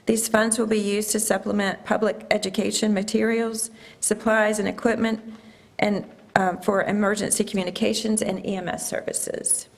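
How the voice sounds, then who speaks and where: Hoarse woman reading out budget items. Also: mid-range voice, normal speed. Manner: steady, businesslike item-by-item reading. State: losing her voice. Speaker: county finance director.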